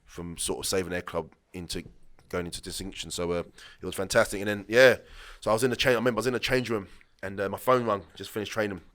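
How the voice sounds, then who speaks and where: A lowish, slightly bright male voice holds a steady tone at a quick pace with few pauses. The speaker, a late-thirties former footballer on a podcast, rambles through casual anecdotes, restarting and performing the dialogue he quotes.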